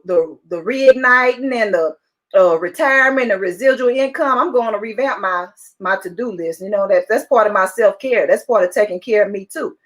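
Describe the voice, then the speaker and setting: A woman speaking as a motivational speaker on a call, pitching with excited, upbeat urging that keeps repeating its point. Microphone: call audio.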